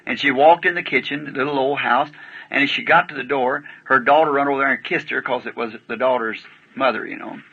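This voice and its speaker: A man's voice: medium pitch, brisk, bright, forceful tone, breathy edge. A man preaching, telling a story in a folksy, plain-spoken way with rustic grammar, on a dull lo-fi archival recording. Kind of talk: sermon storytelling.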